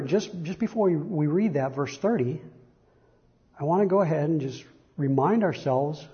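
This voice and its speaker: A man's voice: on the high side, lo-fi sound. A man preaching a sermon, reading Bible verses aloud with rising emphasis and frequent self-correcting repetitions.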